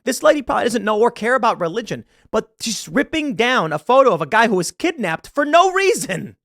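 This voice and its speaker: An American man hosting casual political commentary, ranting with quick laughs and frequent restarts. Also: very high voice, gravelly, no room sound, clean studio sound. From United States. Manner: ranting, animated, laughs mid-sentence.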